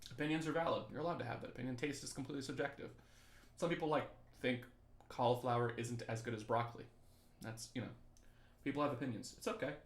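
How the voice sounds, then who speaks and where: A man's voice: medium pitch, fast, reverberant. A young male teacher casually chatting with students on a review livestream, joking and reading the chat aloud. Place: his apartment.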